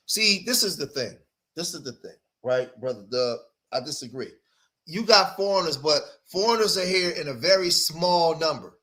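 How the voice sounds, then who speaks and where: A man's voice: on the high side, lively intonation, moderate pace, pushed and bright. A man hosting a livestream, reacting to clips in emphatic commentary and repeating phrases for emphasis.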